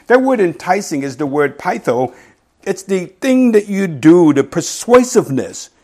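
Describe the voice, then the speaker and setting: Lively conversational preacher man. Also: high-pitched. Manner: conversational teaching, asks the audience "right?"; quotes scripture slowly and deliberately. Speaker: pastor. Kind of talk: sermon.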